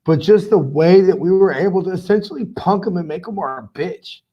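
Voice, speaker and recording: A man's voice: high voice, a little fast, husky, dull audio. A man hosting a fan sports podcast, fired up, profane and rambling with lots of "I mean". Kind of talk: casual fan commentary.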